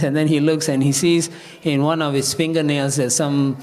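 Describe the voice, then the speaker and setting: A male preacher telling a story in a sermon, lively and chuckling often. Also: on the high side, moderate pace. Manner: chuckles often, lively, peppered with "you know".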